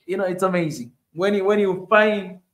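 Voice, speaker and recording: An excitable man hosts a casual livestream, his voice sitting a little high as he repeats phrases and calls out greetings to viewers across platforms. He talks loosely and warmly with his returning guest. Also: normal speed, roomy sound. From Africa. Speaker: livestream host.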